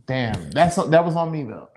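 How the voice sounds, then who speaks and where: A man's voice: medium pitch, gravelly, a little mellow, slight background noise. A man co-hosting a podcast, talking in an earnest, reflective way and swearing now and then. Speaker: podcast co-host. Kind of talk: candid casual chat.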